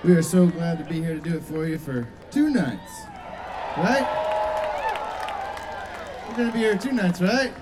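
A man's voice: high-pitched, measured pace, pauses often, crowd noise, background noise. A man fronting a band, chatting easygoing and self-deprecating between songs at a live concert on a stage microphone.

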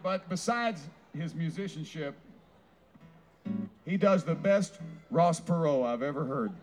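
A man hosting a live variety show with folksy emcee patter and shouted introductions. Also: fairly high pitch, lively intonation, a little slow, faint music behind. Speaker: show host.

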